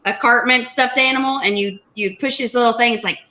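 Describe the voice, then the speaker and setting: A woman's voice: on the high side, brisk, pushed and bright, rough recording. A woman chatting playfully on a live stream, laughing easily. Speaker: chat participant. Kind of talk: casual live-stream chat.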